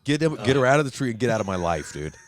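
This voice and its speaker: A man's voice: mid-range voice, very fast. A man who is a guest on a casual podcast, telling a story with lots of swearing and "dude". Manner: animated, profane, says "dude" a lot. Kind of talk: casual chat.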